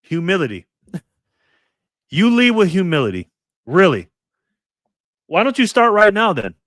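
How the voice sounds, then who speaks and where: A man's voice: sits high, wildly swooping pitch, unhurried, a bit bright, dry recording, clean studio sound. A man in his fifties from New York State, hosting a live political commentary stream and ranting angrily with lots of profanity. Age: 50s. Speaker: livestream host.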